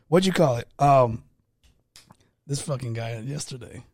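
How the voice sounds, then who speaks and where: A man co-hosting a casual podcast chat, loud and teasing, laughing often. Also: medium pitch, a little slow, breathy edge, no room sound, studio quality. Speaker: podcast co-host.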